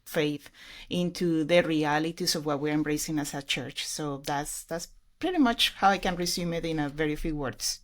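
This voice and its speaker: A middle-aged woman with a Colombian accent and a lowish voice, speaking as a guest on a podcast. She tells her story about working in ministry earnestly and reflectively. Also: moderate pace. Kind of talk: casual interview.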